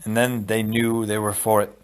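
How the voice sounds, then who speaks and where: A man reading a novel aloud as audiobook narrator, telling the story expressively and dropping low for asides. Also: completely flat delivery, normal speed. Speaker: audiobook reader.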